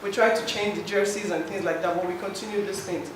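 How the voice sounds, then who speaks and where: At a public forum, a man from Nigeria makes an impassioned comment, pleading emotionally with the room. His voice is high-pitched and steady in tone, and he talks at a quick pace. He holds a handheld mic, but the recording picks him up distantly in a noisy, echoing hall.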